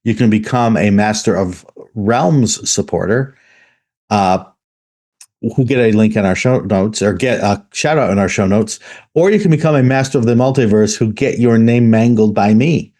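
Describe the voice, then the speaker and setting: A man hosting a tabletop gaming podcast, reading out patron credits in a steady, even way. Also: on the low side, moderate pace. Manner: steady, even delivery reading a list of names. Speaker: podcast host.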